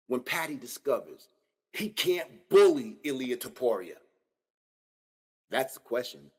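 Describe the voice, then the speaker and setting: Husky and a little high, slightly raised, this man's voice carries a lively, animated solo fight-analysis podcast. Like a fan breaking down the matchup, he addresses his audience directly and leans on slang.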